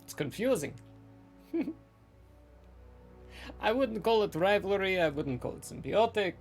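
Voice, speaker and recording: Chatty female druid, voiced by a man: stammering, rambling, a gravelly edge to the voice. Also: high-pitched, very animated, a little slow, faint music behind, voice pushed up, full character voice. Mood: explaining.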